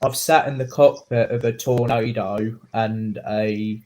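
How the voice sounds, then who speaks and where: A young man telling animated stories in a casual chat. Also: lowish voice, measured pace, crowd noise.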